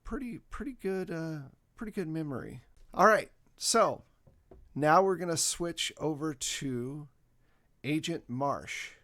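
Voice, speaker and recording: A man running a tabletop game as game master, telling the scene in a relaxed way with many fillers. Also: fairly high pitch, slow. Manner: relaxed, filler-heavy storytelling.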